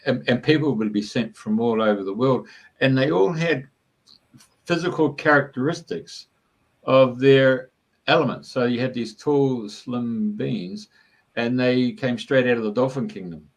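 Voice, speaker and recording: A man with a gravelly, creaky voice at a middle pitch. He rambles through his stories in an easy, chatty way, full of fillers. He sounds like a guest talking at ease in an interview. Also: measured pace, poor audio. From Australia. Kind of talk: casual storytelling.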